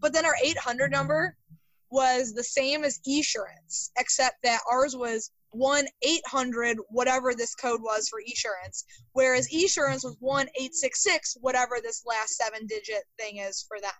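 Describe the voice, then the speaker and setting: A young woman co-hosting a podcast, telling stories in an animated, casual way with frequent laughs and fillers. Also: high voice, moderate pace, no room sound, poor audio. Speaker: podcast co-host. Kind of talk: casual storytelling chat.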